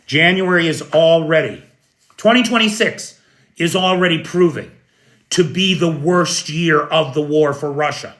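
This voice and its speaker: An American man delivers live news commentary in an emphatic, opinionated way, now and then speaking straight to viewers by name. His voice sits a bit high for a man, and he talks at an unhurried, deliberate pace. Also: fairly bright tone. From United States.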